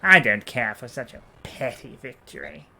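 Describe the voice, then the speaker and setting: A man voicing a haughty, scheming noble senator in a posh, drawn-out voice while reading a game aloud. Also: lowish voice, sharp tone, full character voice. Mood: scornful. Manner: posh, sneering, drawn-out speech.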